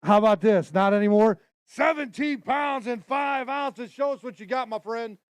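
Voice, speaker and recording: A man's voice: very high-pitched, normal speed, dry recording. A man emceeing a fishing tournament weigh-in, announcing weights and joking energetically with anglers and the crowd. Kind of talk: live event announcing.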